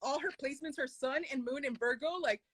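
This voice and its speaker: A woman's voice: high voice, fast, a bit bright, no room sound. A woman life coach chatting casually on a podcast, blunt and swearing, acting out what she tells herself. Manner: blunt, swears, acts out quotes. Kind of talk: casual chat.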